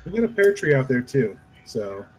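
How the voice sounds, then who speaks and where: A man's voice: mid-range voice, sing-song, moderate pace, a loud crowd, poor audio. A man guest on a live-streamed podcast, chatting casually and hesitantly, often repeating words and restarting his sentences.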